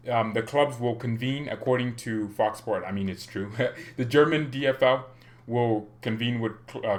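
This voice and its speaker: A man hosting a fan channel livestream, talking casually and animatedly, often laughing, with his voice jumping up when he gets excited. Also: medium pitch.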